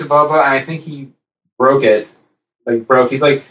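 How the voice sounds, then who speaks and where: A man co-hosting a casual podcast chat, rambling and animated, breaking into high-pitched impressions. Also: brisk, echoey room, recorded from a distance, poor audio. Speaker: podcast co-host.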